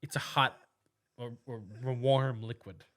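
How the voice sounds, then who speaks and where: A man's voice: mid-range voice, flat delivery, a little slow, fairly bright tone. A man co-hosting a comedy podcast in casual chat. He rambles, stammers and repeats himself while he builds absurd scenarios. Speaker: podcast co-host.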